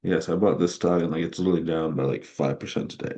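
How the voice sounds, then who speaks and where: A man's voice: deep voice, fast, mellow. A young man streaming, chatting casually about his investments and filling his talk with "like" as he rambles. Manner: rambling, heavy on "like" fillers. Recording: dull lo-fi stream mic.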